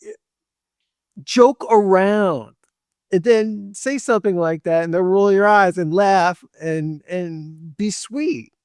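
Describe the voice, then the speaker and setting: A man with a fairly high voice hosts a dating advice talk, lecturing bluntly straight at the listener. He drops short laughs between points and slips into quoted voices of women. The sound is dry and close, with no room around it. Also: slow pace, a little mellow, clean tone, no room sound. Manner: blunt, lectures directly, acts out women's lines. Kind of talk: opinionated monologue to camera.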